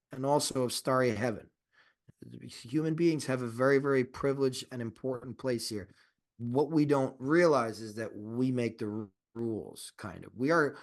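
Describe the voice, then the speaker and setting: A man co-hosting a podcast in casual chat, rambling with restarts and swearing, and turning emphatic and insistent when he argues a point. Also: mid-range voice. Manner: rambling, profane, with frequent restarts and fillers. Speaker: podcast co-host.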